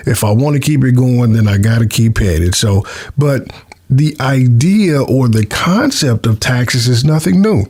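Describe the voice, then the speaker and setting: A certified tax preparer, a man, teaching taxes in a relaxed explainer style, repeating words now and then. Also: medium pitch, slightly rough. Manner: friendly, repeats words, chuckles at his own jokes. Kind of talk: casual explainer lesson.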